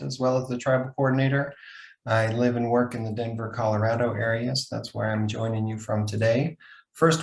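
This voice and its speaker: A man moderates a webinar panel in a casual, loose way, with frequent fillers. His mid-pitched voice has a gravelly edge, and it echoes around the room he speaks from. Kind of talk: webinar remarks.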